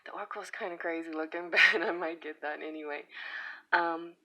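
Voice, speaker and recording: Woman, low voice, bright tone, casual deck review, giggly asides. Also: fairly even intonation, brisk, rough recording. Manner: chatty, giggly, trailing asides. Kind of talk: casual flip-through review.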